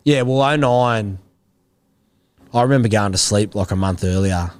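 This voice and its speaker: A relaxed Australian man in his thirties, an ex-footballer spinning loose, slangy anecdotes as an interview guest. His voice sits fairly low, and he talks in an easy, unhurried way. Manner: laid-back, rambling anecdotes with slang. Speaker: interview guest, former rugby league player. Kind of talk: casual interview storytelling.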